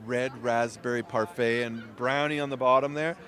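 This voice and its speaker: A man's voice: medium pitch, fairly even intonation, moderate pace, fairly bright tone. A man with a mid-range voice is talking outdoors at a theme park. He chatters enthusiastically about food, stacking up praise in a loose, rambling interview. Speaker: food and beverage staff. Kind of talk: casual interview.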